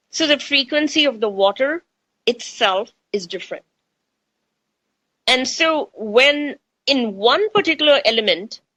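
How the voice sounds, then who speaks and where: A woman's voice: mid-range voice, bright, forceful tone, dry recording, low-quality recording. A middle-aged woman from India with an Indian accent, hosting a spiritual talk radio show in a chatty way and repeating phrases for emphasis.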